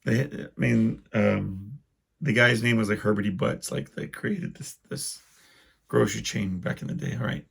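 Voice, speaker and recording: A man's voice: on the low side, fairly even intonation, normal speed, gravelly, breathy edge. A man hosting a solo podcast, rambling casually through wry, self-deprecating complaints. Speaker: podcast host.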